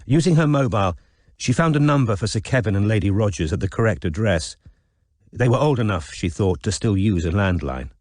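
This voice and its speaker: A man with a voice on the low side narrates scripted audiobook text, measured yet expressive. The studio-quality recording has no room sound.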